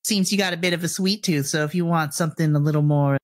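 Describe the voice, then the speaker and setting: A man's voice: fairly high pitch, steady tone, quick pace, close to an everyday voice. A man voicing a cheery small halfling woman who sells candy, doting and sweet-talking in a tabletop role-play game. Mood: sugary. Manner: sugary, doting, calls everyone sweetie.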